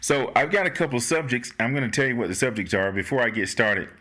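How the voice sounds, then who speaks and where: This fast-talking man with a mid-range voice hosts a casual talk show and used to do radio voiceovers. He chats in a relaxed, rambling way, restarting his sentences often.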